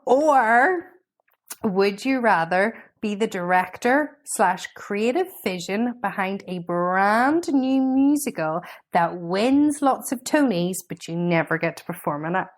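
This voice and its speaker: A woman's voice: medium pitch, animated, slow. A woman co-hosts a podcast in a casual chat. She talks in an eager, chatty way. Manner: enthusiastic, chatty. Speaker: podcast co-host.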